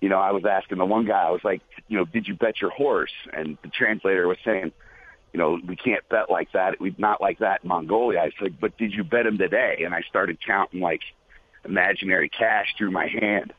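A man's voice: low voice, brisk. A man telling a long casual story with lots of fillers, as a guest on a talk show. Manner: rambling, many fillers. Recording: phone-line audio.

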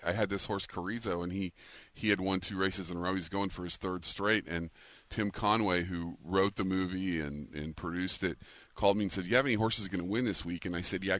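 A man's voice: low voice, steady tone, brisk, a bit bright, no echo. A man co-hosting a radio show, telling stories casually and laughing along. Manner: anecdotal, laughs as he tells stories. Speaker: radio co-host and racehorse owner. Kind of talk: casual storytelling chat.

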